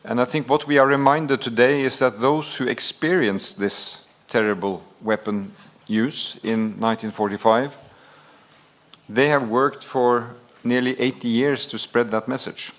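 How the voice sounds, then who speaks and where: A man from Norway, answering at a press conference as head of government in a measured, step-by-step way. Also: medium pitch, fairly even intonation, a bit bright. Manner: measured, deliberate, builds points in steps.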